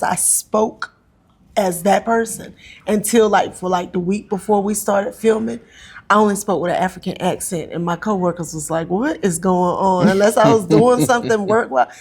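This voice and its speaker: A woman from North Carolina, a guest talking casually in an interview, with many ums and pauses. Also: medium pitch, steady tone. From North Carolina, USA. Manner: chatty, frequent ums and pauses. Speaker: actress and comedian guest.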